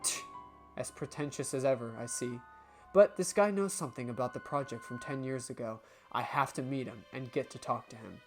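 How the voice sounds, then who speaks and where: A woman voicing a weary, gruff male film director in a story game, grumbling in a low voice. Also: fairly quick, soft background music.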